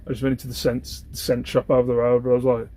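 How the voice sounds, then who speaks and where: A man's voice: medium pitch, completely flat delivery, racing, mellow, slight background noise. A young British man, the host, telling a story in a casual, rambling way and often asking if you know what he means. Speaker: host, online reseller.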